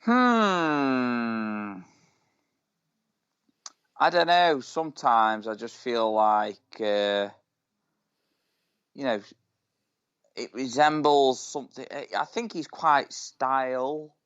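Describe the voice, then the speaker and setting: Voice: medium pitch, slow, long pauses, fairly bright tone, clean tone. A podcast co-host in casual chat, teasing and jokey, drawing words out. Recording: dull lo-fi mic.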